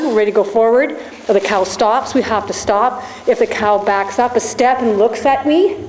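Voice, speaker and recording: A woman riding instructor with a fairly high pitch and darkish tone coaches riders live in an indoor arena, encouraging them and giving directions step by step. Faint ambient noise sits under the arena's echo.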